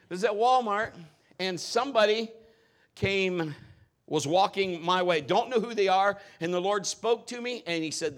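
A middle-aged man preaching a sermon as pastor, telling personal stories in an animated, joking way. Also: high-pitched, moderate pace.

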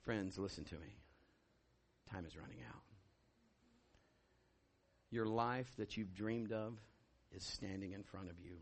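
A man preaching a sermon, swinging from loud shouted declarations to low hushed storytelling. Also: measured pace, pauses often, a little hiss or hum. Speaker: pastor.

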